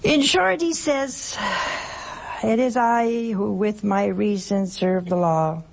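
A woman's voice: medium pitch, slow pace, vocal fry. An older woman, a nun, giving a folksy, playful spiritual talk on a call-in television program in a studio, chuckling often between points.

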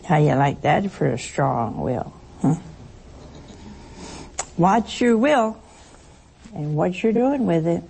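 Slow gravelly woman giving a spiritual talk. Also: lowish voice, expressive, darkish tone, a little hiss or hum, low-quality recording. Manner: chatty, anecdotal, chuckling asides. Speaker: religious speaker. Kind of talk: televised spiritual talk to listeners.

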